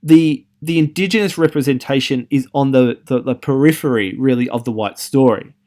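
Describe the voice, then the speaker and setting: A man's voice: mid-range voice, normal speed, darkish tone. Questioning man lecturing on film. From Australia. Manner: rhetorical questions, frequent ums and restarts. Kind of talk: recorded lecture to students.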